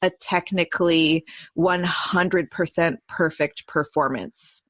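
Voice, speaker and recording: A woman's voice: lowish voice, slow pace, dry recording. A woman co-hosting a podcast, talking candidly in casual chat. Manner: candid, chatty, laughs easily. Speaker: podcast co-host.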